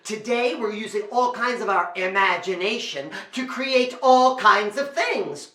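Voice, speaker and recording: Animated, playful man entertaining kids. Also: high-pitched, unhurried, hardly any pauses. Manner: animated, playful, exaggerated kid-show delivery. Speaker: children's entertainer and storyteller. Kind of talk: lively performance for children at home. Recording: roomy echo.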